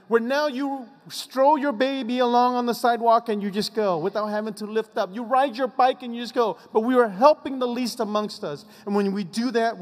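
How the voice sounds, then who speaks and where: A man giving an inspirational commencement speech, emphatic, sinking low and slow on his repeated refrains. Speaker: commencement speaker. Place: graduation ceremony venue. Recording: long reverb of a large venue.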